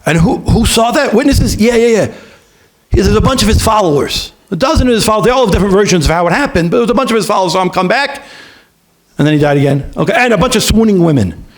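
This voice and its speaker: A man, a rabbi, talking to yeshiva students in a lively, conversational way, acting out bits of dialogue and checking in with his listeners. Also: high-pitched, fast talker. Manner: lively, acts out dialogue in different voices. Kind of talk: animated talk to a student audience.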